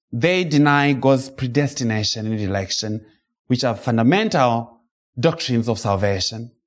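Slow, emphatic male preacher. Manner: emphatic, rhetorical, with sudden high-pitched outbursts; reads scripture slowly and dramatically. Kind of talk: expository sermon.

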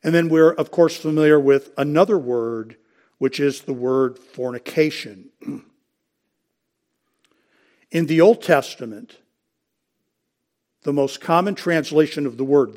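A man preaching a sermon, explaining scripture and citing verses, calling the congregation folks and clearing his throat now and then. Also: fairly high pitch, unhurried, long pauses, darkish tone.

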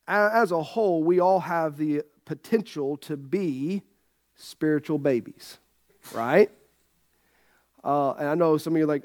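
A man's voice: fairly high pitch, measured pace, a little mellow. A middle-aged man preaching a sermon as pastor, folksy and joking with his congregation. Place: church sanctuary.

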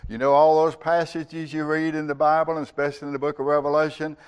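A man's voice: fairly high pitch, level tone, smooth. A man leading a Bible study, explaining words step by step and often checking in with his listeners. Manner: explanatory, pausing to ask "okay?" and "remember?". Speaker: Bible teacher.

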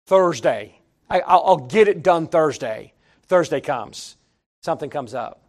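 A middle-aged pastor preaches a sermon in a folksy way, telling stories and speaking directly to the congregation. His voice is on the high side and expressive, slightly slow, with a darkish tone.

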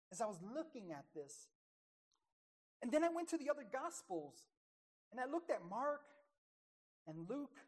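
Higher-voiced woman preaching emphatically. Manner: emphatic, swings from hushed to loud, slows down on key words. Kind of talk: sermon.

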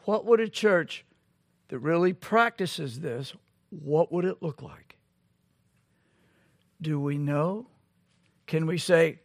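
Brief: high-pitched male preacher, slow and deliberate, pressing rhetorical questions, dry close sound. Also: no echo. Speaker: pastor. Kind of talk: sermon.

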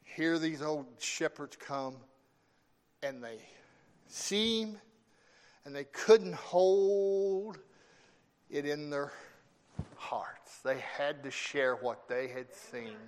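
A man preaching a sermon, slow and emphatic, with dramatic pauses between phrases. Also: on the high side, animated.

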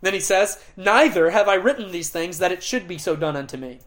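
A middle-aged pastor delivering an expository sermon, earnest and emphatic, with dramatic pauses and occasional restarts. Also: male voice, sits high, lively intonation, a bit bright.

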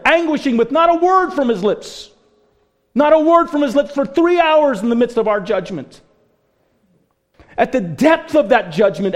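A male pastor with a very high voice preaches an impassioned sermon. He swings between hushed, quiet passages and ringing, raised ones.

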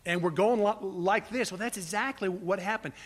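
A man preaching a sermon with passion, swinging from quiet, low asides to loud, pleading cries. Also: normal speed. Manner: impassioned, rising to near shouts on quoted cries. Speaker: pastor.

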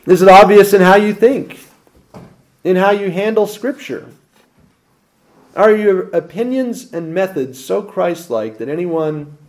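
A man in the role of pastor preaches with a slightly high voice. He throws out rhetorical questions and shifts between emphatic loud passages and quiet asides.

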